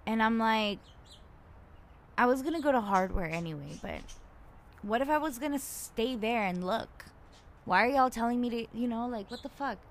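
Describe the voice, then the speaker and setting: A woman's voice: fairly high pitch, animated, moderate pace, slight background noise. Blunt, profane woman ranting casually. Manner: blunt, profane, rambling with many fillers; grows loud and indignant when retelling conflicts. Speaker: podcaster.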